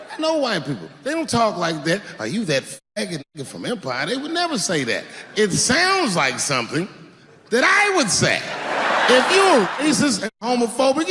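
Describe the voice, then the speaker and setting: A man doing stand-up comedy, telling a story with big animated delivery and shouted punchlines, on a theater stage. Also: high voice. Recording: echoey hall with long reverb.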